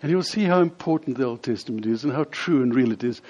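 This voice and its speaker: Male preacher as an earnest pleading teacher, mellow, lo-fi. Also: medium pitch, lively intonation, fast, husky. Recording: slightly dull lo-fi sound.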